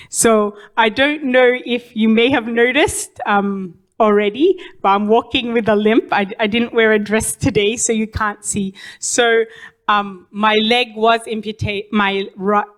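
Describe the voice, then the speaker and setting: A woman's voice: mid-range voice, fairly bright tone. A young woman giving a personal testimony to a church congregation, speaking earnestly and animatedly, often restarting her sentences.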